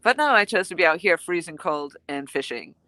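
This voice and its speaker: A woman's voice: on the low side, animated, fairly quick, sharp tone, dry recording. A woman hosting a casual live stream outdoors while fishing, chatting and thanking viewers by name. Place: outdoors, fishing in freezing cold.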